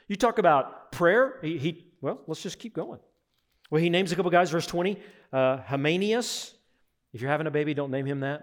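A male pastor preaching a sermon, shifting from loud exultant praise to quiet, intimate pleading, with joking asides to the congregation. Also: a little high. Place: church.

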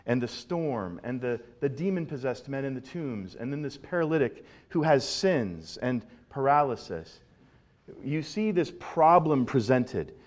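A male pastor giving a sermon in a conversational, animated way, often repeating words as he builds a point. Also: mid-range voice, measured pace.

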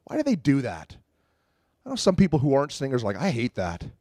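A man preaching a sermon in a plain, conversational way. He is earnest and slips into acted-out quotes and short prayers. His voice sits at an ordinary pitch in a dry, close recording. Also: wildly swooping pitch, quick pace, mellow, no room sound. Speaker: pastor.

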